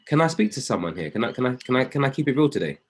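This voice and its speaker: A man's voice: mid-range voice, sing-song, rapid-fire, husky. A man coaching traders on an online group call, emphatic and preachy, hammering key phrases by repeating them. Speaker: trading mentor.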